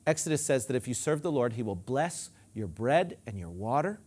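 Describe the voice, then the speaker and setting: A male pastor delivers a sermon, guiding his congregation through call-and-response and shifting between loud, forceful declarations and hushed, low asides. His delivery is very animated and slightly rough, at a normal speed.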